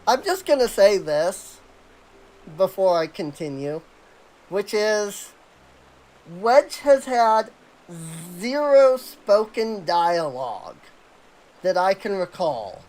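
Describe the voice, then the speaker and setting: A game streamer giving casual, rambling let's-play commentary, chatty and quick to laugh. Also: medium pitch, expressive, a little mellow, poor audio.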